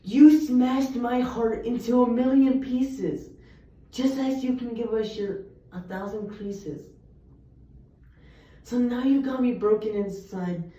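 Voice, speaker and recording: A woman's voice: fairly high pitch, dark tone. Young woman reciting poetry in an echoey room. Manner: earnest, emphatic recitation. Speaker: student reciting poems. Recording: echoey, distant, muffled room recording.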